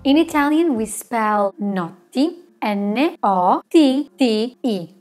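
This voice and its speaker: A woman teaching a language lesson in scripted narration, slowly spelling out letters and words with care. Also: on the high side, lively intonation, a little mellow, soft background music. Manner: slow, careful spelling out of letters.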